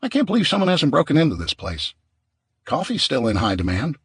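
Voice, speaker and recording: A man's voice: on the high side, huge pitch swings, fairly quick, breathy edge, no echo, pitched above the performer's own voice, heavily acted. A man voicing a cautious, wary male scavenger who keeps asking questions in an audiobook.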